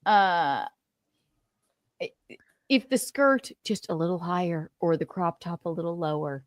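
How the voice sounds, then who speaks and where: A woman's voice: on the low side, animated, unhurried, no echo. A woman co-hosting a casual reaction chat, sarcastic and outspoken, with swearing. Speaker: co-host.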